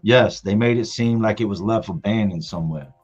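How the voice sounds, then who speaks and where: A man in his forties, hosting a livestream, telling a personal story in a casual, emphatic, animated way. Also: fairly low pitch, a little fast, slightly rough. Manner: emphatic, animated retelling with colloquial speech. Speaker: livestream host. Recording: muffled audio with faint music.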